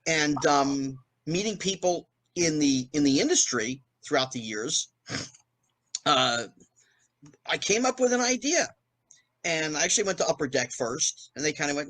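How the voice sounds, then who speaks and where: A middle-aged man, a podcast guest, telling anecdotes in a lively way and acting out the voices of people he quotes. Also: fairly high pitch, moderate pace, poor audio. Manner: animated, acts out quoted voices. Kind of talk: anecdotal storytelling.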